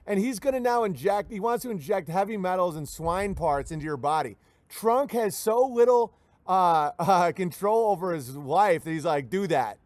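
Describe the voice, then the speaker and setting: A man hosting a livestream, reading viewer messages and riffing on them in an animated, rambling, mocking way. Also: sits high, normal speed, no echo. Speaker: livestream host.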